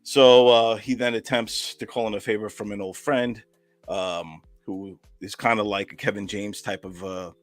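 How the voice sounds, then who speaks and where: A man's voice: fairly low pitch, fairly even intonation, normal speed, no room sound. A man, a filmmaker and comedian, telling a rambling anecdotal story in casual chat over a video call.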